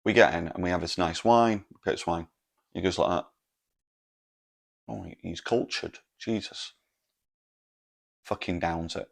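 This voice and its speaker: A man's voice: deep voice, measured pace, vocal fry, long pauses. A man, telling a rambling, sweary story on his podcast. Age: 40s. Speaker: podcast host. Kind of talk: casual storytelling monologue.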